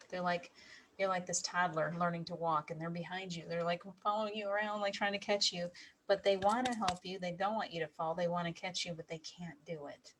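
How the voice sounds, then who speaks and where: Laughing, low-pitched woman livestream host. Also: a little hiss or hum, rough recording. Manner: laughs often, warm encouraging tone. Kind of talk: casual livestream talk to viewers.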